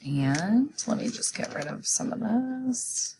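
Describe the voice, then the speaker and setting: A woman's voice: on the high side, sing-song, slow, creaky, background noise. A woman teacher giving a recorded phonics lesson, patiently explaining each step to young students.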